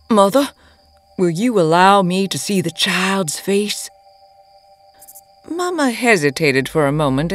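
A woman playing a sultry, menacing cult leader who talks in a slow, teasing, purring drawl. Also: on the low side. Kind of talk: audio drama acting.

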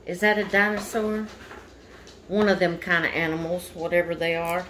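A woman's voice: fairly low pitch, steady tone, normal speed, a bit bright. A woman vlogger in a casual unboxing chat at home, gushing and repeatedly thanking and exclaiming over each item. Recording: noisy home recording. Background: household noise, dog barking.

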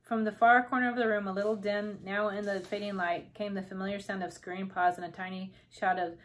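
Woman reader, calm and steady, children's book narration. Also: medium pitch, low-quality recording. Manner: calm, unhurried storytelling. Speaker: storybook reader. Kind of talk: reading a children's novel aloud.

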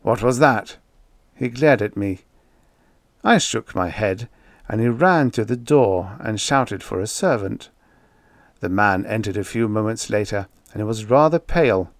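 A man's voice: fairly low pitch, animated, unhurried, no room sound. A man voicing an obsessed, haunted male explorer who growls and raves. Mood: harsh. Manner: growling, raving.

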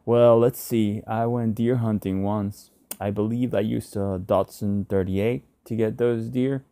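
A man's voice: on the low side, fairly even intonation, measured pace, warm tone, no echo. A man reading aloud and voicing a friendly, self-assured male neighbor who speaks in an easygoing, amused, chatty way, in a dry close recording.

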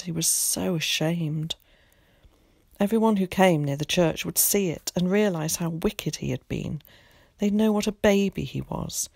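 A woman teacher reading a children's novel aloud in an expressive, measured storytelling voice. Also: lowish voice, no room sound, clean studio sound. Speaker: primary school teacher.

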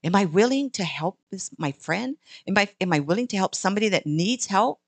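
A gentle, patient mother who reassures and guides, voiced by a woman telling a story. Her voice sounds close and dry. Her pitch sits in a middle range. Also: animated, a little fast, no echo. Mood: instructive.

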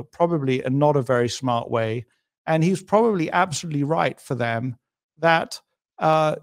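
A middle-aged man as a podcast guest, talking in a thoughtful, emphatic way and building his points with hypotheticals. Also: medium pitch. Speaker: interview guest.

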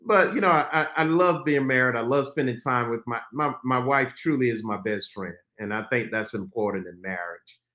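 A man's voice: medium pitch, moderate pace, few pauses, pushed and bright. A man hosting a talk show as a pastor, speaking in an earnest, preacher-like cadence. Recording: roomy studio echo.

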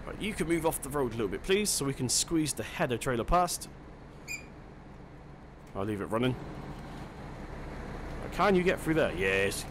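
A man's voice: medium pitch, noisy background. A man giving casual let's-play commentary, chatty and self-deprecating, thinking aloud as he plays. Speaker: gaming channel host.

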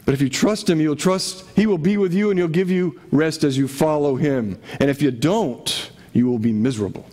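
A man's voice: fairly high pitch, normal speed, a little mellow. Conversational man preaching a sermon. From Connecticut. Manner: conversational preaching with rhetorical questions. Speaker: pastor.

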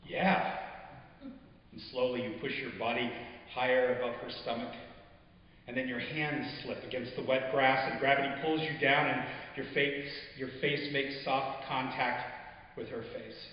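A man reading his own short stories aloud at a live event, in a measured, intimate way that sinks softly at quiet moments. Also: mid-range voice, steady tone. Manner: measured, intimate storytelling with soft drops. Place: arts venue stage, before an audience. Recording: echoey hall, dull muffled sound.

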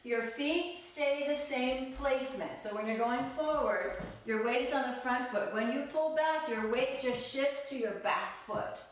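A woman leads a belly dance lesson, counting out steps in a playful, upbeat way. She talks slowly in a fairly high voice. She sounds distant from the mic in a very echoey room with faint noise. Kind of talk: live online dance class instruction.

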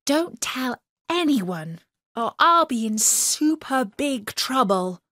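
A sweet, brave young princess speaks softly and gently in a high, light voice, as a woman reading the story puts her on. The tone is bright and dry, the pace unhurried, like a storybook heroine. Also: very animated, dry recording, heavily acted. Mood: playful.

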